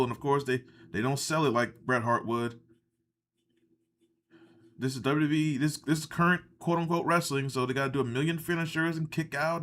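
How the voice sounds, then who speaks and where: A man with a somewhat high voice rants through a casual live reaction stream. He is sarcastic and swears freely, drifting off into rambling asides. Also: a bit bright. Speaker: livestream host reacting to wrestling.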